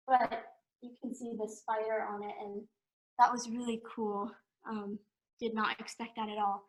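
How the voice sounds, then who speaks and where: A young woman walks through her own art pieces in a relaxed, halting way, filling her pauses with ums and sounding slightly out of breath. Her voice sits a little high, and the room around her echoes noticeably. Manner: hesitant, with frequent ums. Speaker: art student presenting her work. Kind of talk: casual showcase talk.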